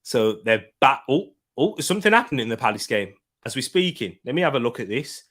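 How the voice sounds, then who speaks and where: Excitable man, bright voice. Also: medium pitch, brisk. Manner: chatty, bursts into loud excited shouting at big moments. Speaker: football watchalong host. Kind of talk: live match commentary and chat.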